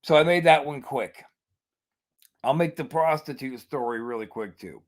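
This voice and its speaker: A man's voice: medium pitch, moderate pace. A man hosting a podcast, telling a profane story in casual chat. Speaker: podcast host.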